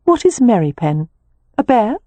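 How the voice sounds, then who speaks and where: A woman reading an audiobook, voicing a lively young woman who is amused and a little skeptical. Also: a little high, moderate pace, dry recording, pitched above the performer's own voice. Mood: wry. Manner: wry and teasing.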